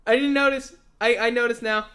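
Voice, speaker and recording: A man's voice: very high voice, fairly even intonation, brisk, fairly bright tone, clear, resonant tone. A man hosting a live stream, chatting casually and rambling, swearing freely and joking at his own expense while sounding yawny and tired. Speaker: livestream host.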